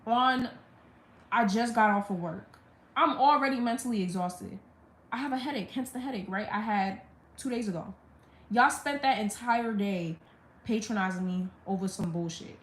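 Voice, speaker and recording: A woman's voice: mid-range voice, moderate pace, fairly bright tone. Heated young woman venting in echoey room. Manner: heated, venting, blunt and profane. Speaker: livestreamer. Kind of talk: live stream storytime rant. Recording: roomy echo.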